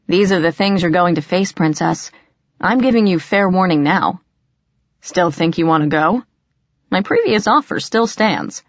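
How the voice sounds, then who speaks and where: A woman's voice: on the low side, expressive, a little slow, dry recording, dull audio. A woman voicing a cocky, teasing teenage boy fairy trickster in an audiobook, breezy and grinning. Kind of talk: audiobook character voice.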